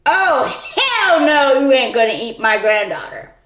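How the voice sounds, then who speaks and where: A woman's voice: high voice, very animated, measured pace, background noise, pitched above the performer's own voice. A feisty old grandmother turns fierce and sassy as she defends her granddaughter, as a woman puts her on. Her voice rings in an echoey room.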